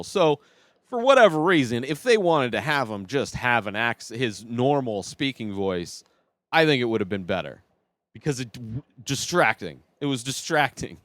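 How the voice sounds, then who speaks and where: A man's voice: medium pitch, a bit bright, no room sound. A man hosting a podcast, chatting casually and giving his opinions as he reviews a TV series. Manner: chatty and opinionated, thinking aloud.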